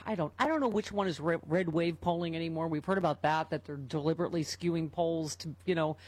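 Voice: mid-range voice, fast talker, a little mellow, no echo. A host leading a casual political chat, conversational and wry with an exasperated edge.

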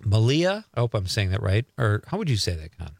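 A man's voice: lowish voice, very animated, a little fast, gravelly, no echo, clean studio sound. A middle-aged man hosting a radio show, chatting casually as he reads listener texts aloud and riffs on each one.

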